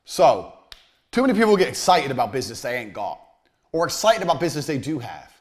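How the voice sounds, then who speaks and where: A man giving a blunt, profane motivational business lecture, swinging between loud jabs and low muttered asides. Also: very animated, quick pace. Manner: blunt, aggressive, swears constantly. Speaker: business coach.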